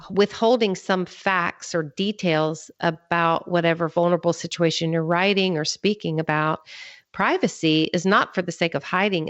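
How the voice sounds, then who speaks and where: An American woman author, a podcast guest, explaining her ideas in an earnest, measured teaching tone. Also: lowish voice, no echo, highs cut off. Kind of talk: podcast interview.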